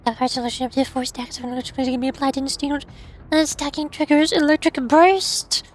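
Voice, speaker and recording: A woman's voice: high voice, fairly even intonation, a little fast. A young woman streaming a game from home, chatting casually and bubbly, with lots of jokes and squeals.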